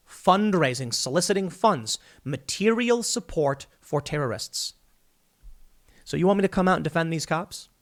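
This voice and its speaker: A man hosting an opinion commentary show, talking in an animated, sarcastic way and mocking opponents in put-on voices. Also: on the high side. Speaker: political commentary host.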